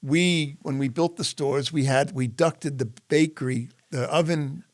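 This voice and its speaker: A man's voice: fairly high pitch, measured pace, dry recording, studio quality. A middle-aged man, a guest on an interview show, telling stories in a conversational way and acting out the quoted dialogue. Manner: animated, acts out quoted dialogue. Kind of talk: conversational storytelling.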